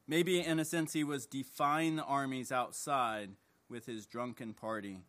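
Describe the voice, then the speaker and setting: A man preaching an evening sermon, reading scripture and praying in slow, deliberate, emphatic phrases. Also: mid-range voice, fairly even intonation, a bit bright. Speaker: pastor. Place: church service.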